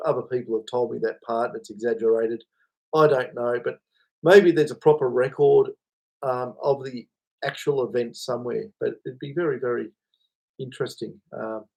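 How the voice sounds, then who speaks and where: A man's voice: medium pitch, fairly even intonation, moderate pace, gravelly, dark tone. A man hosting a casual livestream, rambling, chuckling and answering chat comments. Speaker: livestream host.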